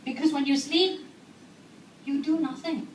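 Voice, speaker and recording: This woman addresses a live audience in a hall, laughing often and putting questions to the crowd. Her voice is high-pitched and her pace measured, and the recording is distant and echoey with noise in the background.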